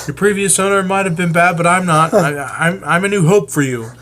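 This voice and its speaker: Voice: mid-range voice, brisk, fairly bright tone, slight background noise, pitched above the performer's own voice, lightly acted. An improviser doing an earnest, pleading pet owner. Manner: pleading, reassuring. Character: earnest, put-upon male pet owner. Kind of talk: improvised comedy storytelling.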